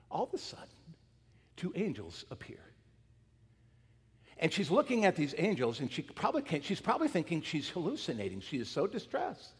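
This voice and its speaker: A man preaching a sermon, retelling a story with acted quotes and dropping from loud emphasis to near-whispers. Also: a little high, husky, big-room sound. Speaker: pastor.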